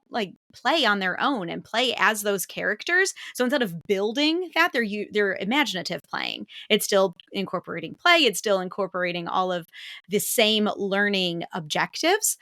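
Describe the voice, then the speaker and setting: Bright-voiced woman, dry close sound. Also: medium pitch, no echo. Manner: relaxed, filler-heavy, quick to agree. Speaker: podcast co-host. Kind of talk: casual conversation.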